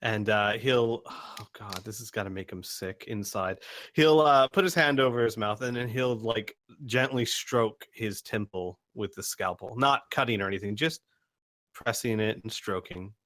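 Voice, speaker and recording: A man describing his character's actions in a tabletop game, with many pauses and fillers. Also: on the low side, a bit bright, no room sound. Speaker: player. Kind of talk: tabletop role-play.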